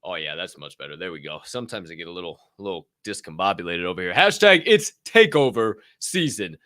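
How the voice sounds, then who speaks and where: A man hosting a casual livestream, excitedly and profanely greeting people in the chat by name. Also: low-pitched, brisk, dry recording, clean studio sound. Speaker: livestream show host.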